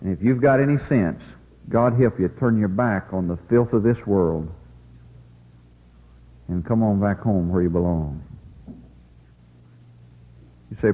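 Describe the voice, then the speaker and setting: A man's voice: fairly low pitch, unhurried, pauses often, big-room sound, narrow, tinny audio. A man preaching a revival sermon in a folksy, pleading way, telling the story dramatically as an evangelist.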